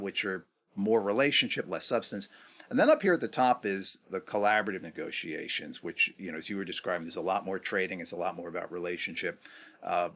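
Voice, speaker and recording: Lively middle-aged man telling stories. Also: lowish voice. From New York. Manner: animated anecdotes, rhetorical questions. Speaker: guest, negotiation expert. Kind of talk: casual interview storytelling.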